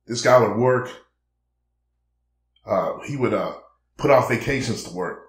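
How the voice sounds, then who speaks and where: A man's voice: mid-range voice, lively intonation, unhurried, reverberant. A man in a blunt, preachy casual monologue, peppering his talk with "man" and acting out quoted conversations. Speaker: vlogger.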